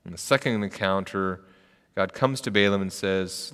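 A man's voice: low voice, normal speed, fairly bright tone, clear, resonant tone, in a large hall. A man preaching a sermon as a pastor, retelling a story and acting out its quotes.

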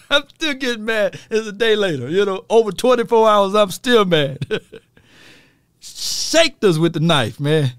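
A man's voice: sits high, lively intonation, slow pace, fairly bright tone, clean tone, no room sound, clean studio sound. A man ranting animatedly about football as a fan commentator, laughing at himself.

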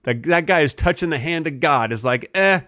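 A man co-hosting a comedy podcast, rambling through absurd tangents in a deadpan way and slipping into goofy voices when he quotes. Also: on the high side, brisk, no echo, studio quality. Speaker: podcast co-host.

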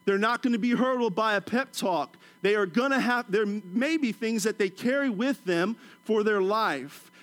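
Middle-aged man, high-pitched preacher from Washington, D.C.; sermon delivery with jokey asides and hushed emphasis. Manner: storytelling with humorous asides and chuckles; drops to a soft, low voice for emphasis.

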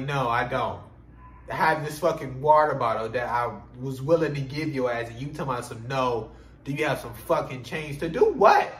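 A man's voice: mid-range voice, roomy sound, low-quality recording. A man telling a story in a casual, profane podcast monologue, with frequent fillers and laughter. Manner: animated and profane, many filler phrases, laughs while telling. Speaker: podcast host.

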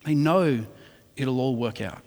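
Middle-aged preacher in a hall. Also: male voice, mid-range voice, takes it slowly, a little mellow. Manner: chatty, self-deprecating storytelling that turns earnest. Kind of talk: sermon with personal anecdote. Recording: long reverb in a hall.

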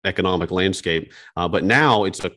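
A man's voice: low-pitched, fairly quick, pushed and bright. A man from West Virginia chatting on a podcast, rambling, with many fillers. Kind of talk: casual chat.

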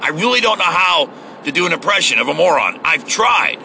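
A man's voice: a little high, sing-song, a little fast, vocal fry, pushed and bright, slight background noise, low-quality recording. A man giving a heated, profane, sarcastic political rant, recorded in a car. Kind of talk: ranting political monologue.

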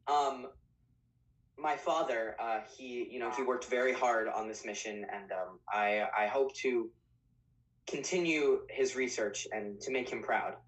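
A man's voice: mid-range voice, unhurried, a bit bright, lightly acted. A man playing a young cat-folk pilot who talks eagerly, with lots of fillers, over a video call. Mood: earnest. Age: 20s. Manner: eager, chatty, full of fillers. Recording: distant video-call audio.

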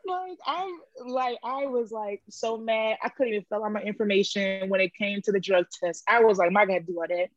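A woman's voice: normal speed, no echo. A woman recounts a competition story in a casual interview, her voice leaping up whenever she acts out what someone said. The sound is a little dull and dry. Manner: animated storytelling, acts out quotes with high pitch jumps. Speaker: powerlifter guest.

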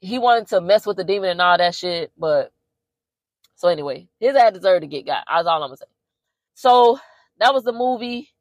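A woman podcast host recapping a horror movie in a casual, slangy and profane way, telling it like an animated story. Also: mid-range voice, normal speed, no echo.

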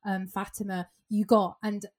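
A woman co-hosts the podcast with a mid-pitched voice. She asks her questions thoughtfully and speaks casually, with fillers. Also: level tone, moderate pace, darkish tone. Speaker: podcast host. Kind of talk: casual conversation.

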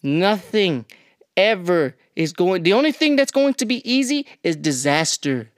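A woman's voice: lowish voice, lively intonation, a little slow, no room sound, studio quality. A woman hosting a podcast, ranting bluntly with heavy swearing and exasperation. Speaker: podcast host. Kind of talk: ranting monologue.

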